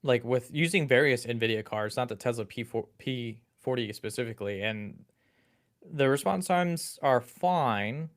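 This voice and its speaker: A man's voice: medium pitch, measured pace. A man co-hosting a tech podcast, easygoing and casual, often searching for words and repeating himself. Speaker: podcast co-host.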